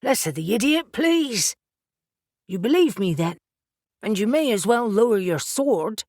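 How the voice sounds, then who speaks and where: A woman voicing a brash, impatient young male witch who shouts and teases in an audiobook. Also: fairly high pitch, sing-song, a little slow, no echo, studio quality, full character voice. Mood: reasoning.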